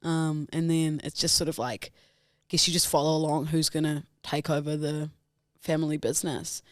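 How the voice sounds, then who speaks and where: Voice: mid-range voice, level tone, normal speed, dry recording, clean studio sound. A podcast co-host rambling through a story in casual chat, leaning on lots of filler words.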